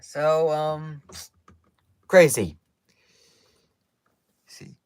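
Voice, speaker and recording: A man's voice: fairly high pitch, extremely slow, clear, resonant tone, dry recording. A man from Kansas chatting casually with his live stream viewers, playful and teasing, with lots of fillers. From Kansas, United States. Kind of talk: casual chat answering a live chat. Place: indoor room with stuffed animals.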